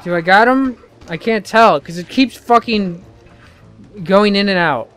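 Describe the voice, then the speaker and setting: A man mutters his way through a video game at an unhurried pace, swearing often in irritation. His voice is fairly high for a man, smooth and clear. Faint game music plays under him. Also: fairly bright tone. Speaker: gameplay commentator. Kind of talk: frustrated let's-play commentary.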